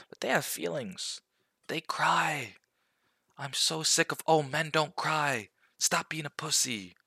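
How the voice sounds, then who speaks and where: A young man hosting a podcast, giving his opinions in casual talk and acting out quotes, with a gravelly voice. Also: medium pitch, dry recording, clean studio sound. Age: young adult. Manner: animated and opinionated, with acted-out quotes. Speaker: podcast host.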